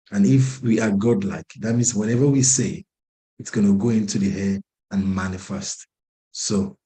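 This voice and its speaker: A man's voice: mid-range voice, mellow, rough recording. Preachy man giving a pep talk. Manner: preachy, repeats lines for emphasis. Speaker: organization president. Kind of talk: motivational address on a video call.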